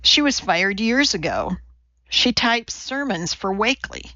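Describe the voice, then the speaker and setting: A woman narrator voicing a composed female chemist who speaks calmly and dryly, recorded a little dull. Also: medium pitch, measured pace, no room sound.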